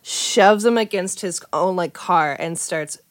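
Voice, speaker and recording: Animated young woman telling a wild story. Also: lowish voice, takes it slowly, no room sound, studio quality. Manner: animated, swearing, acts out quotes. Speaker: storyteller guest. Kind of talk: casual chat, telling a story.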